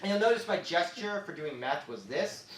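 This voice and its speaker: A man performing a stand-up comedy set on a club stage, with quick asides as he moves between jokes. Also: on the high side, a little hiss or hum. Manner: lively, joke-driven, quick asides. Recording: echoey club from far off.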